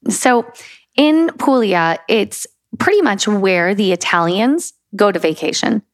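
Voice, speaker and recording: A woman's voice: medium pitch, lively intonation, unhurried, no echo, studio quality. A middle-aged woman from the United States co-hosting a casual travel chat, laughing easily and steering the talk. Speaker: co-host.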